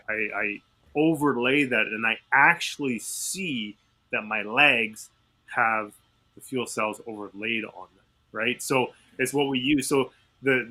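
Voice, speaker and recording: Halting man with a bright, tense voice. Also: on the low side. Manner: halting, searching for words. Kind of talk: casual podcast chat.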